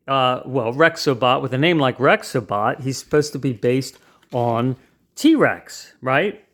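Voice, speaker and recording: A man's voice: mid-range voice, expressive, measured pace, fairly bright tone. Chatty man reviewing a toy. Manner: chatty, explains features step by step while handling a toy.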